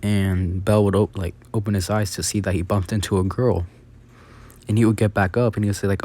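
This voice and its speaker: Man telling a made-up story, low voice, warm mellow tone, rambling, lots of fillers. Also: little pitch movement, brisk. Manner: rambling, full of "like" and restarts. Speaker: fan story narrator. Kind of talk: casual improvised storytelling.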